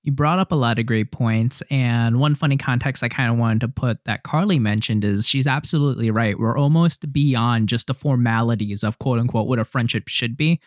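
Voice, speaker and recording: A young man co-hosting a podcast, telling stories in an animated way and acting out other people's lines. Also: mid-range voice, normal speed, hardly any pauses, dry recording, clean studio sound. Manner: animated storyteller, acts out friends' voices. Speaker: podcast co-host. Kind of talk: casual podcast chat.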